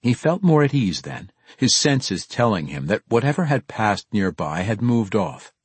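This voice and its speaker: Husky, expressive male audiobook narrator. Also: fairly low pitch, normal speed, no room sound. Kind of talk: scripted fantasy narration.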